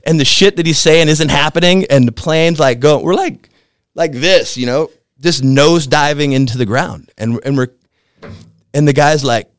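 A man in his fifties from the American Midwest, a podcast guest telling a story in a laid-back, slangy way that gets animated as it builds. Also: on the high side, moderate pace, clear, resonant tone, no room sound, clean studio sound. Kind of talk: casual storytelling.

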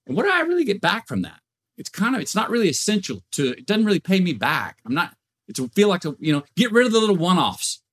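Folksy, animated man guesting on a podcast. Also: high-pitched. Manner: folksy, drawn-out and reflective. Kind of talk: casual chat.

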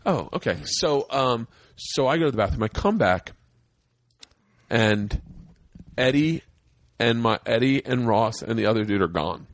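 A man's voice: mid-range voice, lively intonation, unhurried, long pauses, no echo. A young man and stand-up comic telling a wild story in casual, profane chat, acting out the voices. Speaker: podcast guest, stand-up comedian.

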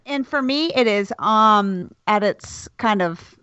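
A woman co-hosting a casual podcast chat, talking in a relaxed way with plenty of fillers. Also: mid-range voice, slow pace. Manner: chatty, laid-back storytelling with fillers. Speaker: podcast co-host. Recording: slightly dull lo-fi sound.

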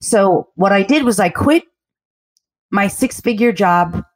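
A woman's voice: mid-range voice, expressive, slow pace. A woman from the United States, a guest in an interview, telling her story at length in an earnest way with fillers.

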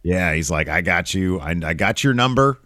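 A man with a fairly low voice co-hosts a casual podcast chat. He talks in an excitable way and laughs often. The sound is dry and close. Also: normal speed, no echo. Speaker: wrestling podcast co-host.

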